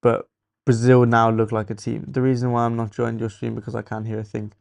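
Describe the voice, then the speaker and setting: A young man with an English accent hosting a casual football watchalong stream, teasing viewers and thinking out loud. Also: mid-range voice, little pitch movement, a little fast, creaky, no room sound.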